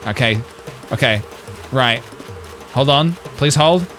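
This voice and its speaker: A man streams a game and chats casually, joking and rambling with frequent laughs and fillers. His medium-pitched voice moves at a slow pace and sounds a bit bright, with faint music behind him.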